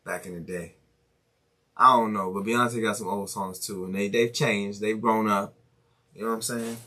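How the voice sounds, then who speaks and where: A man hosting a casual solo podcast, reading news items aloud haltingly and chatting loosely, swearing freely. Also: on the low side, steady tone, bright, forceful tone. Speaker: podcast host.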